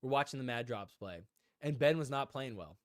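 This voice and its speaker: A man co-hosting a casual livestream podcast, telling a story with animated delivery and frequent laughter. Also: mid-range voice, moderate pace, dry recording, clean studio sound. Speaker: podcast co-host.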